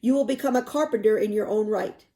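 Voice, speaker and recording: A woman reading the lines of a gravely wounded male colonial captain from a storybook, in a plain read-aloud delivery. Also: medium pitch, fast talker, dark tone, lightly acted. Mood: solemn.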